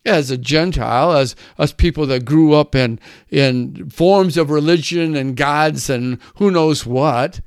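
A man's voice: fairly high pitch, clean tone, no room sound, studio quality. A man preaching a sermon, emphatic and drawn out, his voice climbing on the key words.

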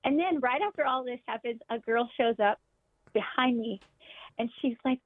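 A woman's voice: fairly high pitch, normal speed, no room sound. A woman guest telling a story animatedly, laughing often as she recounts it. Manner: animated, laughing, excited retelling. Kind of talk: casual storytelling chat. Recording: tinny phone-like call audio.

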